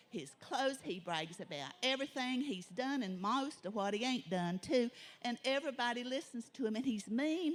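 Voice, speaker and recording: A woman doing eager gossiping mountain boys. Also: a little high. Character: gossipy young mountain fellows, male.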